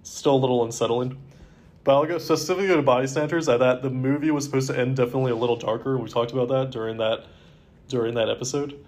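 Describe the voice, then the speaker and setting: A man's voice: mid-range voice, steady tone, fast, a little mellow. A man co-hosting a podcast in casual chat, talking in a rambling, laid-back way. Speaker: podcast co-host.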